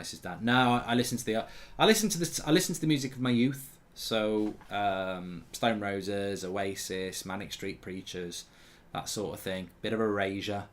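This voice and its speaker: A man hosting a live football watchalong, chatting and answering viewer questions. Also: fairly low pitch. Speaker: host.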